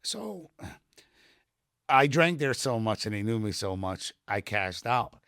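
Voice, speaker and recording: A middle-aged retired Army sergeant rambles through anecdotes in a casual podcast chat, full of fillers and quoting people along the way. His voice is on the low side, slow, sing-song, and a bit bright. The recording, made in a podcast studio room, is dry and clean.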